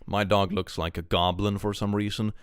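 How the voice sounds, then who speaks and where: A man from Sweden with a Swedish accent, streaming casually and reading viewer messages, jokey and animated, swearing freely and swinging between mock gloom and excitement. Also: fairly low pitch, normal speed, clean tone, no echo, clean studio sound.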